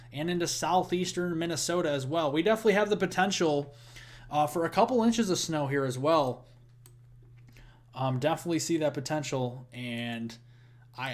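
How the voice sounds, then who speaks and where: His fairly high pitch sits a little above most men's as this young Midwestern American runs a live weather stream. In an easy, chatty flow, he thanks donors and viewers and rattles through the storm and snow forecast.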